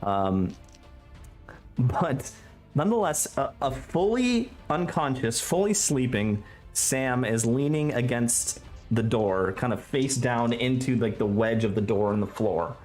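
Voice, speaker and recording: A man's voice: medium pitch, lively intonation, measured pace, a little mellow. A man runs a tabletop game as game master, narrating the scene in a loose, rambling way full of fillers and restarts. Faint music plays under his voice.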